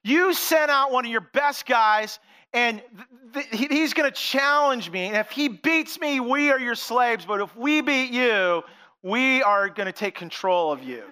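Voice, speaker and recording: A man's voice: very high voice, lively intonation, measured pace, bright, forceful tone, clean tone, heavily acted. A man voicing a mean, boastful giant warrior issuing a challenge. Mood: threatening.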